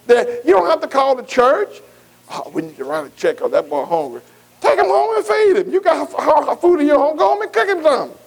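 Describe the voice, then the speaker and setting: High-voiced preacher calling for agreement. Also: male voice, rough recording. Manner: call-and-response, repeatedly asking the congregation for agreement; folksy, colloquial Southern US grammar. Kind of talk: sermon.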